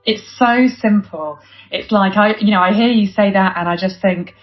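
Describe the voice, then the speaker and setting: A woman from Britain hosting a podcast interview, chatty and quick to laugh, with lots of fillers. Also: mid-range voice, soft background music. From United Kingdom. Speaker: podcast host. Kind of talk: conversational interview. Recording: dull lo-fi audio.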